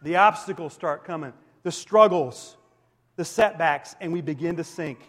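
A man in his forties preaching a sermon as a pastor, animated, swinging between loud emphasis and soft asides. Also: on the high side, normal speed. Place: church sanctuary. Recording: reverberant hall sound.

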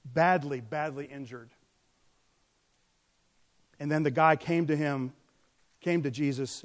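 A man preaching a sermon, earnest, swinging from loud emphatic peaks down to soft, quiet remarks. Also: on the high side, big-room sound. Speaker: pastor.

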